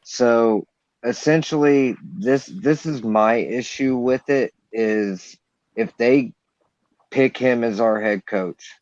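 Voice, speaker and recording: A man's voice: mid-range voice, slow, darkish tone, no echo, dull audio. A man politely raising a point on a podcast, hesitant with fillers. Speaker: podcast guest. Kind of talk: casual podcast chat.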